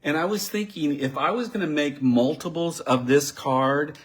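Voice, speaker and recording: A man's voice: medium pitch, expressive, moderate pace, hardly any pauses. A man giving a live card-making demonstration, chatting and thinking aloud as he works and talking directly to his viewers. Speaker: crafting demonstrator.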